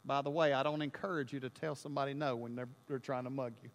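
A man preaching a sermon, telling a story in an animated way and building to loud, emphatic peaks. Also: mid-range voice, fast talker, big-room sound. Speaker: pastor.

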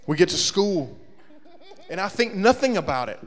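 A man telling a comedic story to a young audience, acting out his friends' voices and shouting the punchlines. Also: high voice, very animated, normal speed, in a large hall.

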